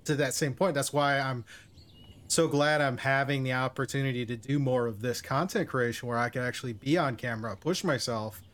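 A man hosting a livestream, chatting casually in a soft-spoken, self-effacing way. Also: medium pitch, brisk. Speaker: streamer host. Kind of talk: casual chat. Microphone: streaming setup.

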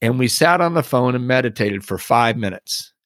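A middle-aged man, a podcast guest, earnestly telling a personal recovery story with reflective pauses and soft laughs. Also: mid-range voice, animated, dry recording, studio quality.

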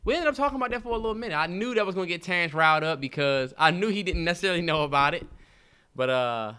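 A man's voice: high voice, animated, racing, bright, forceful tone, clear, resonant tone. A man co-hosting a podcast in casual chat, easygoing and playing devil's advocate. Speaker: podcast co-host.

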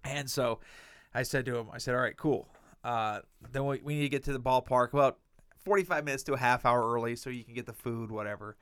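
Man, young adult, smooth resonant voice, dry close sound, profane rambling storyteller, casual podcast chat. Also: medium pitch, fast talker, fairly bright tone, no room sound. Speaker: podcast co-host.

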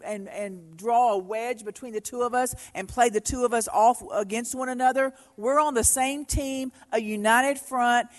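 A woman, preaching in church about marriage in an earnest, heartfelt storytelling manner. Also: on the high side. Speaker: pastor's wife co-leading the sermon. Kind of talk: sermon. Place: church sanctuary. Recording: long reverb of a large hall.

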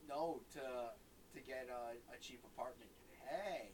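A man's voice: medium pitch, measured pace, slight background noise, low-quality recording. A man teasing and bantering while watching a movie with a friend. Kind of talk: casual movie-watching commentary.

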